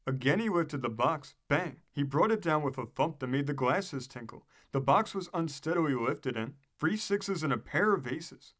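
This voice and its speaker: A man's voice: on the high side, expressive, normal speed, hardly any pauses, fairly bright tone. Man reading an old newspaper story. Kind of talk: read-aloud narration.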